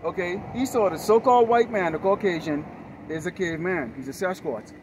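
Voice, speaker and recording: Combative high-voiced male street preacher. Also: fairly quick. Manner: combative, profane, fires rhetorical questions. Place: outdoors on a city street. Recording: heavy street traffic noise. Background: loud traffic noise.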